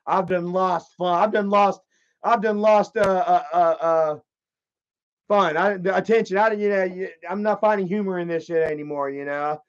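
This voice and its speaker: A man streaming live, telling a story in a casual, rambling way, with lots of profanity and animated energy. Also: high voice, normal speed, smooth. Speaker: livestreamer. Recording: slightly dull lo-fi stream audio.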